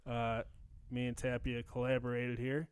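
A man's voice: medium pitch, monotone, moderate pace, smooth, dry recording. A man hosting a podcast, chatting casually with brash, profane banter. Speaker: podcast host. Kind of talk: casual chat.

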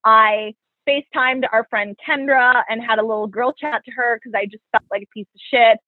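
A woman's voice: fairly high pitch, moderate pace, no room sound. Woman telling a story over tinny phone-like audio. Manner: animated, profane, quotes people in her stories. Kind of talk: casual storytelling chat. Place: New York.

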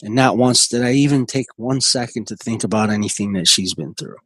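A man in his forties, a guest telling his recovery story in a halting, earnest way with many restarts. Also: medium pitch, a bit bright, husky, dry recording, rough recording. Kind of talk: personal recovery story in conversation.

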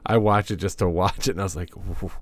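A man's voice: deep voice, steady tone, fast talker, no echo. A man co-hosting a podcast in laid-back, profane casual chat. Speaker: podcast co-host.

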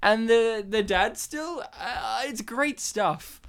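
A man's voice: very high-pitched, animated, slow pace, a bit bright. A man co-hosting a casual movie commentary podcast, telling rambling anecdotes and laughing often. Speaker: podcast co-host.

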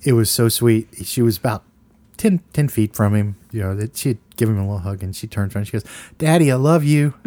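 A middle-aged man with a low, mellow voice hosting a casual movie podcast. He rambles and jokes his way through anecdotes into a close, dry mic. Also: steady tone, fairly quick, dry recording. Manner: rambling, joking, laid-back storyteller. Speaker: podcast co-host.

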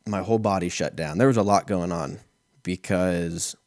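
A man's voice: sits low, normal speed, a little mellow, dry recording, studio quality. A man in his thirties hosting a podcast, telling rambling, profane, self-mocking comic stories in a casual way. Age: 30s. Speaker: podcast host. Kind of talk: casual comedic storytelling.

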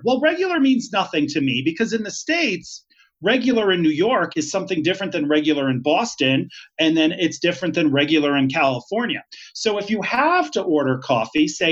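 A man's voice: a little high, animated, brisk, a bit bright. Chatty man, dull lo-fi sound. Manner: chatty and emphatic, laughs easily. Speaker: podcast guest, retired flight attendant. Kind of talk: casual interview.

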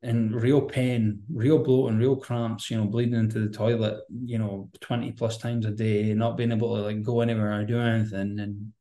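A man's voice: lowish voice, little pitch movement, moderate pace, few pauses, warm tone. Earnest man in an echoey room. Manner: rambling, earnest, conversational. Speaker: podcast guest. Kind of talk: candid personal storytelling.

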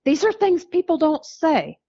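A woman's voice: high voice, wildly swooping pitch, unhurried, warm tone, no echo, muffled recording. A middle-aged American woman, a podcast guest, tells her life story candidly and wryly, acting out what people said. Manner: candid, wry storytelling with quoted dialogue.

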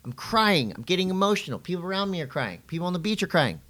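Animated middle-aged man telling surf stories. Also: fast talker. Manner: animated storytelling, acts out quotes in a high voice. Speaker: podcast co-host and surf commentator. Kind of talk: casual podcast chat.

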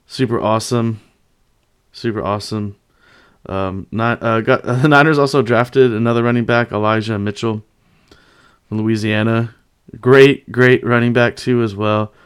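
A man's voice: fairly low pitch, clean tone. A man hosting a casual sports commentary, upbeat and loose with plenty of fillers. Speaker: podcast host.

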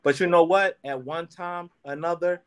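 Co-host, man, high voice, blunt skeptical banter. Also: fairly even intonation, normal speed, smooth. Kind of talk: casual podcast chat.

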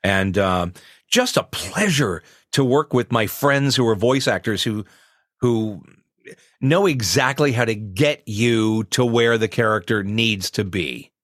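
A man in his sixties, a voice actor, chatting in an interview in a relaxed, self-mocking way and laughing often. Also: fairly low pitch, a little slow, no room sound, clean studio sound. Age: 60s.

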